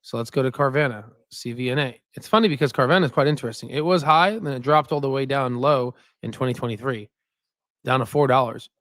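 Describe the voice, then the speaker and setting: On a stock market livestream, a male host talks fast in a medium-pitched, slightly bright voice, casually rambling about viewer comments. He keeps tacking "right?" onto his points as a filler. The recording is dry, with clean studio sound.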